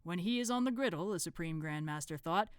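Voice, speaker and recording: A woman reading a novel aloud on a stream, relaxed and amused, on a close home mic. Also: lowish voice, a little fast, clear, resonant tone, no echo.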